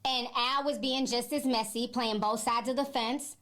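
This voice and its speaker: A woman host giving her opinion in a measured, persuasive commentary. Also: a little high, fairly even intonation, a bit bright, slight background noise.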